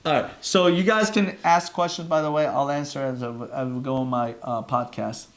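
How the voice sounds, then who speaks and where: A man's voice: mid-range voice, normal speed. A man, a chiropractor, hosting a casual live podcast from his phone, rambling and earnest, breaking off mid-sentence often. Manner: rambling, self-interrupting, earnest. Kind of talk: casual live-stream chat.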